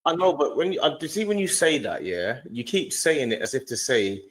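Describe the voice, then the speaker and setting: A man's voice: mid-range voice, sing-song, brisk. A man on a live chat, objecting cautiously in short bursts.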